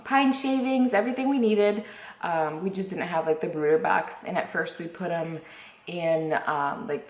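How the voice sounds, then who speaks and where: A woman's voice: lowish voice, roomy sound. A woman vlogger chatting casually to camera, rambling with lots of fillers and restarts.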